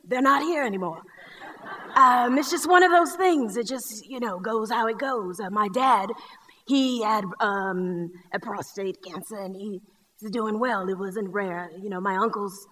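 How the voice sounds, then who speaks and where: A woman in a one-person stage show playing a reserved Black man with a Southern accent, who speaks softly and hesitantly with many fillers. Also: fairly high pitch, slight background noise, lightly acted. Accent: Southern US (North Carolina). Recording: live theater hall reverb.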